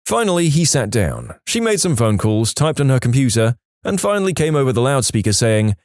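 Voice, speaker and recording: A man reads out online stories with a wry, sarcastic edge, his pitch swinging lively up and down. His voice sits at a middling pitch, and the recording is dry and close, with no room sound. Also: fairly quick, dry recording. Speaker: story narrator. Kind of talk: scripted narration of online stories.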